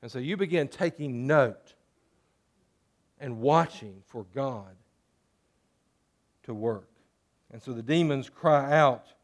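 A man's voice: a little high, a little slow, long pauses. A man preaching a sermon as pastor, talking conversationally and putting rhetorical questions to his listeners.

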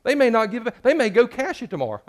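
A man preaching a sermon in a church, joking with the congregation and swinging between loud and hushed. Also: very high voice, sing-song, fast talker, slight background noise. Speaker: pastor.

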